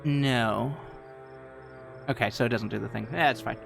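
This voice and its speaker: A man's voice: mid-range voice, moderate pace, vocal fry, music in the background. Giggly man streaming a game. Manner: giggly, rambling, playful. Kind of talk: live game stream with chat.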